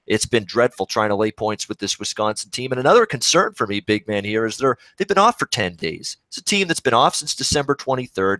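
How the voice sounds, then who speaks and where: A man's voice: medium pitch, fairly bright tone, dry recording. Male betting analyst, methodical co-host read, dry close sound. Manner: measured, methodical breakdown of numbers.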